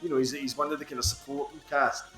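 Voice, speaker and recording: A man's voice: mid-range voice, fairly even intonation, fast talker, bright, forceful tone, reverberant, soft background music. A man co-hosting a film podcast, chatting casually and laughing often. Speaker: podcast co-host.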